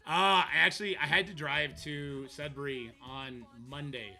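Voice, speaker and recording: Goofy, bright-voiced streamer dad. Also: male voice, on the high side, fairly even intonation, a little slow, gravelly. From Canada. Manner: goofy and rambling, laughs easily. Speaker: mobile game streamer. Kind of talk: casual livestream chat.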